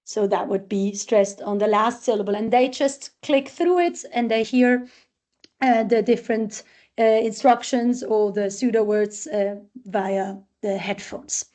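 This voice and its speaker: A woman's voice: medium pitch, a little slow, warm tone. A woman researcher giving a talk, walking step by step through examples of her assessment tool. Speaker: researcher presenting a literacy tool.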